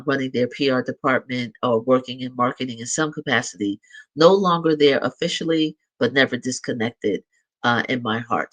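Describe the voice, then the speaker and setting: A man's voice: mid-range voice, sharp tone, low-quality recording. A middle-aged man hosting a live show, chatting casually and upbeat as he makes announcements. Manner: chatty and upbeat, with light laughs and restarts. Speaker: show host.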